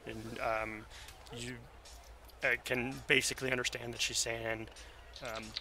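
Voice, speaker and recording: A man narrating as game master for a tabletop game, halting with many ums and self-corrections. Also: medium pitch, fairly even intonation, background noise.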